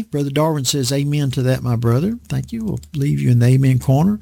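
A man's voice: medium pitch, a little fast, creaky, hardly any pauses, dark tone, slightly rough, no echo. A man preaching a conversational Bible sermon in a dry indoor room, self-deprecating and acting out voices as he teaches.

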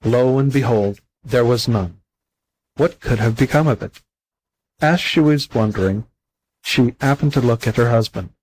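A man reading an old fable aloud as a volunteer audiobook narrator, in a plain, steady storybook manner. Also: mid-range voice, measured pace, breathy edge, poor audio.

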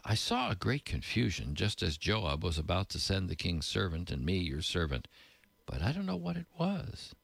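Brief: earnest young runner read by a man, low voice, dry sound. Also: sing-song, normal speed, creaky, fairly bright tone, husky, dry recording, heavily acted. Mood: eager. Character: eager young male runner bringing news.

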